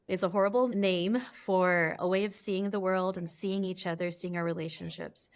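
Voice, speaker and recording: A woman guest in an interview, explaining ideas and telling stories in a reflective way. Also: mid-range voice. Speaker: guest, relationship coach. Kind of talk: interview answers.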